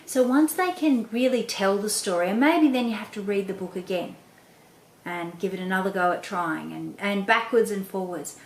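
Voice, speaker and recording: A woman's voice: mid-range voice, normal speed. A woman hosting an instructional talk for parents, speaking expressively and often varying her voice to demonstrate. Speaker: host, reading coach for parents. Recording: echoey room with faint noise.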